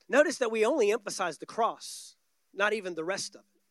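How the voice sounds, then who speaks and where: A man's voice: high voice, expressive, brisk, no room sound. A man preaching a sermon from a church stage, emphatic and repeating key words for stress. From United States.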